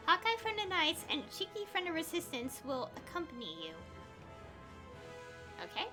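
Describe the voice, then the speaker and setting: A woman's voice: extremely high pitch, sing-song, normal speed. A woman streaming a game, reading its dialogue aloud with chatty, giggly asides. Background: game music.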